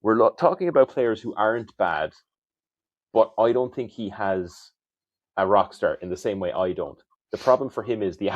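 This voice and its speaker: A man with a lowish voice co-hosting a casual fantasy football podcast. He gives quick, brisk rundowns laced with teasing banter, recorded dry and close. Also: no echo, muffled recording.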